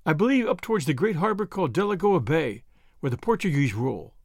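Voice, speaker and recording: A man's voice: on the high side, big pitch swings, fast, dry recording, studio quality. Man voicing a tender, sorrowful young woman. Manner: soft and solemn. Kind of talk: audiobook reading.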